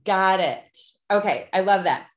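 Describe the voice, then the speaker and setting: A woman in her fifties with a Chicago accent hosts a relaxed interview, eager and quick to laugh. Her voice sits in the middle of the range. It carries a noticeable room echo. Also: mid-range voice. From Chicago area. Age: 50s. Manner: enthusiastic, laughs often. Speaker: podcast host. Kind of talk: casual interview chat.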